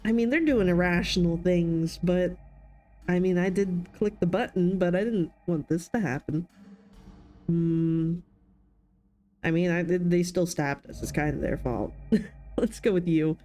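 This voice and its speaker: A woman's voice: on the low side, measured pace, dark tone, faint music behind. A young woman playing a visual novel, reading its narration aloud and adding chatty asides full of fillers. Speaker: let's-play gamer.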